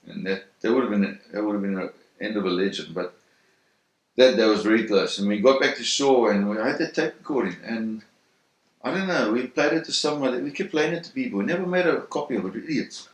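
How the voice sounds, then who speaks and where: A man in an interview telling a first-hand story in a vivid, animated way, acting out the sounds and voices. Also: fairly low pitch, quick pace. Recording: roomy echo.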